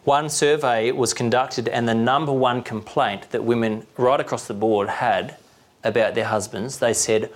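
In a steady, mid-range voice at a moderate pace, a man delivers a sermon conversationally, frequently putting questions to his listeners.

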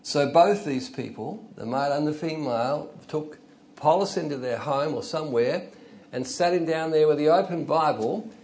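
A man's voice: on the high side, normal speed, darkish tone. Older man preaching a folksy sermon. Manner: conversational, storytelling, chuckles, rises to emphatic bursts. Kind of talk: informal sermon.

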